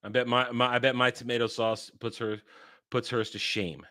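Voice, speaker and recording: A man's voice: medium pitch, level tone, normal speed, sharp tone. A man hosting a video reaction, ranting in profane, mock-outraged bursts. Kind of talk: reaction commentary.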